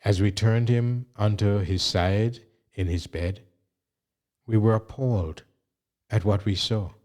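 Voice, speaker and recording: A man narrates a memoir at a very slow, unhurried pace. His voice sits low and sounds dark and mellow. The reading is measured and even throughout. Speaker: audiobook reader.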